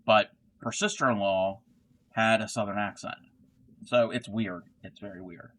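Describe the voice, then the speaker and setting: A man's voice: lowish voice, sing-song, normal speed, creaky, a bit bright. A middle-aged man who hosts a crochet livestream, rambling casually as he answers chat. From Baltimore area, Maryland. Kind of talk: casual live-stream chat.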